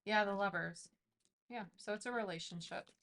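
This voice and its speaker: A tarot reader gives a casual reading, chatty and intuitive, thinking aloud with lots of fillers. Her mid-range voice is fairly bright, and she keeps a moderate pace.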